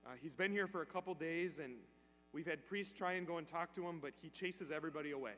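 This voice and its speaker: A man's voice: on the high side, quick pace, fairly bright tone, soft background music, lightly acted. A male preacher voicing a nun who earnestly pleads with a priest, heard with church reverb. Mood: pleading. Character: pleading nun in full habit. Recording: church hall reverb, faint hum.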